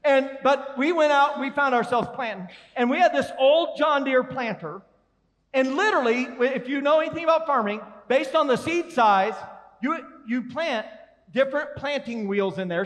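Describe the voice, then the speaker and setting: A man preaches with energy and a strikingly high voice, pulling his congregation into call-and-response. His words carry the long reverb of a large church hall. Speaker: pastor. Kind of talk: sermon.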